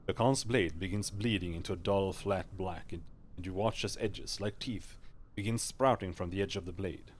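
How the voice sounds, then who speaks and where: A male streamer reading a game's narration aloud live, steady with small slips and restarts. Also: sits low, normal speed, a little hiss or hum.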